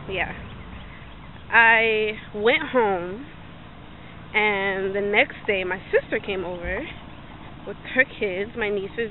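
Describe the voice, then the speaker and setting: A young woman telling a story in a casual vlog, animated, acting out what people said and laughing often, filmed on a handheld phone. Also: medium pitch. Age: young adult. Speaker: vlogger. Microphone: phone held in hand. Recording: tinny phone-like audio, faint noise.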